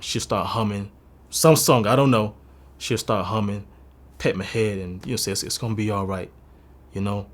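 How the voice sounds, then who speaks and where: A man in his twenties telling his own life story in an earnest, confessional and emotional way. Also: fairly low pitch. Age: 20s. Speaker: interviewee sharing a personal story. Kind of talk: candid personal testimony.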